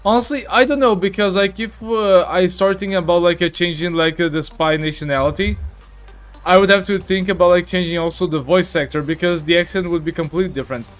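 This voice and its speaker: A man's voice: high voice, a little fast, a bit bright, soft background music. A man streaming a game, chatting casually, reading chat aloud and filling gaps with "like" and "uh". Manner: chatty, reads chat aloud, many fillers. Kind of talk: casual live-stream commentary.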